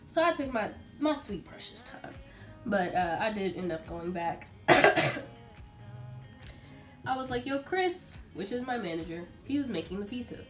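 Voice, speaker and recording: A woman's voice: medium pitch, moderate pace, soft background music. A young woman vlogger telling a casual story, acting out what people said. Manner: animated, acts out quoted dialogue.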